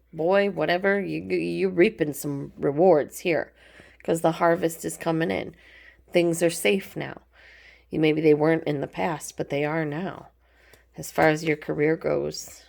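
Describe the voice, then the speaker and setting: Woman, low voice, gravelly edge, casual chatty tarot reader. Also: a little mellow. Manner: chatty, informal, frequent ums, affectionate terms. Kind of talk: casual pick-a-card tarot reading.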